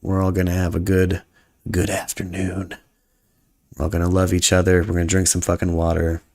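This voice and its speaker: A young man with a low, gravelly voice runs a live stream in loose, profane, joking banter. He hypes up his viewers and riffs casually on their comments. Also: completely flat delivery, brisk, a little mellow.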